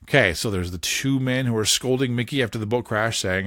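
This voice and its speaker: A man hosting a casual podcast, talking in a playful, animated way and laughing often. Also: on the low side, fairly quick, few pauses, no echo, clean studio sound. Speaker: podcast host.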